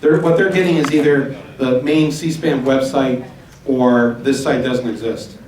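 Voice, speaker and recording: A man hosting a live town hall, rambling and urging the audience, spelling out web addresses slowly. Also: medium pitch, steady tone, background noise. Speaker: event host. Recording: echoey hall from far off.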